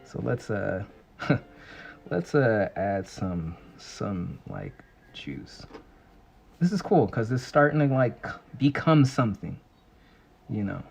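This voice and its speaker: A man casually chatting and rambling excitably on a livestream while he draws. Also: on the low side, takes it slowly, gravelly, long pauses, breathy edge. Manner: rambling and excitable, full of fillers. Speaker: artist streaming a drawing session.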